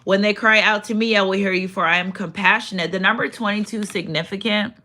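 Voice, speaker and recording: A woman's voice: mid-range voice, fairly even intonation, fairly quick, sharp tone. A woman giving a casual spiritual card reading, chatty and repetitive. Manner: chatty, repeats phrases, reads out affirmations. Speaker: tarot card reader.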